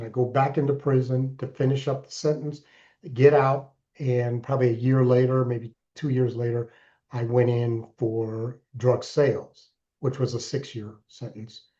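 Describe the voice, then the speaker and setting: A man in his sixties, a podcast guest, telling his life story in an earnest, deliberate way with emphatic bursts. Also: mid-range voice, level tone, mellow, highs cut off. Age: 60s. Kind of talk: personal story in interview.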